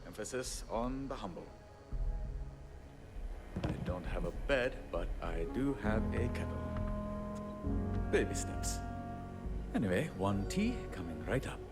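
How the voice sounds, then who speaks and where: The game character is a worn-out, self-mocking handyman, voiced by a man whose pitch sits on the low side. His delivery is sing-song and measured, with frequent pauses, as he chatters apologetically with small rueful laughs over game music.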